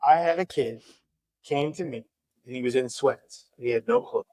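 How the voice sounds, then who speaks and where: A man's voice: mid-range voice, moderate pace, darkish tone, low-quality recording. A middle-aged man telling his story as a guest, earnest and passionate, often restarting his sentences for emphasis. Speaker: guest, youth advocate and foster parent. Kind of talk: heartfelt testimony in casual conversation.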